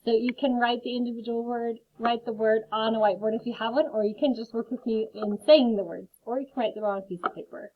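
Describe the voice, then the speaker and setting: A woman's voice: on the high side, fairly even intonation, fast, hardly any pauses, a little hiss or hum. A woman teaching a phonics lesson to children, carefully sounding out words and adding friendly chatty asides. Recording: phone-like lo-fi audio.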